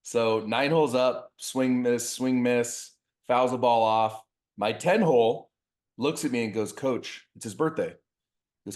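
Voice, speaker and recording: A man's voice: medium pitch, moderate pace. A man co-hosting a baseball podcast, a youth coach telling a story in casual chat and acting out the dialogue. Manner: animated storyteller, acts out dialogue.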